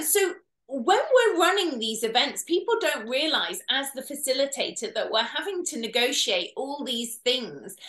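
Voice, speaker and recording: A woman's voice: high-pitched, fairly bright tone, echoey room. A woman workshop leader speaking earnestly and reflectively in a casual conversation.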